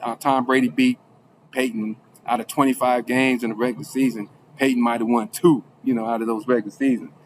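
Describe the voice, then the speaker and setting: A man's voice: medium pitch, level tone, brisk, slight background noise. A man from Alabama, telling his own story in casual talk, rambling with many restarts. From Alabama, USA. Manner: rambling, with restarts, acting out quoted people in a raised voice.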